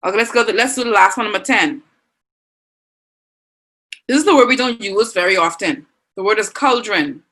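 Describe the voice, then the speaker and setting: A woman's voice: medium pitch, lively intonation, moderate pace, long pauses, fairly bright tone. A woman with a Bahamian accent teaching an online language class, reading out students' answers and praising them. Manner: encouraging, reads out students' chat answers.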